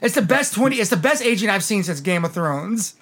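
A man co-hosting a casual chat show, talking quickly and animatedly, swearing often and laughing. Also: high voice, expressive, a bit bright. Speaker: podcast co-host.

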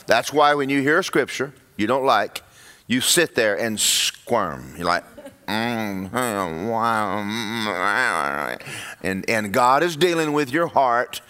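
A man preaching a sermon in a church, animated and acting out voices of churchgoers. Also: mid-range voice, measured pace. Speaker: pastor.

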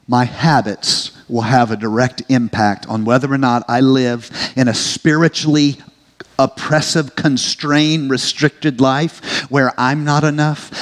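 A male pastor preaching a sermon, rising to emphatic peaks and slowing into drawn-out prayerful lines. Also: mid-range voice. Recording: faint music under the voice.

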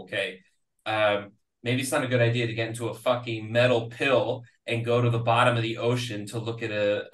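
A man's voice: medium pitch, fairly bright tone. Blunt, swearing man in an echoey room. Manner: blunt and profane, arguing with hypotheticals. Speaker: podcast co-host. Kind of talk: casual chat, opinionated argument. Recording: roomy echo.

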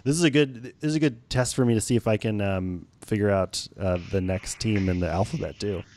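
A man's voice: lowish voice, brisk, darkish tone, slight background noise. A man co-hosting a casual sports podcast, joking and laughing often, loose and a little profane. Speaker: podcast co-host.

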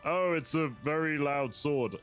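A man's voice: a little high, a little slow, a bit bright, faint music behind. A man playing a tabletop game, talking in a sheepish, playful way. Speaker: player. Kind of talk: casual tabletop game talk.

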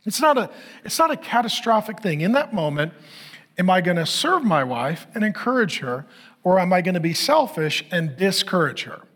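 A man's voice: high voice, sing-song, moderate pace, fairly bright tone. A middle-aged male pastor preaching, telling a candid, self-mocking story about his marriage to the congregation. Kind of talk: sermon.

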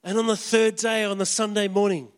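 Very high-voiced dramatic male preacher. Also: little pitch movement, fairly quick, smooth, long reverb tail. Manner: dramatic, swinging from hushed to shouting. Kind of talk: dramatic sermon storytelling.

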